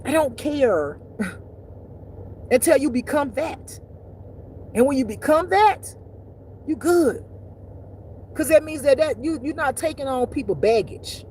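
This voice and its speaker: A woman's voice: sits high, warm tone, a little hiss or hum. A woman giving blunt, profane, emphatic spiritual life advice in a casual talk.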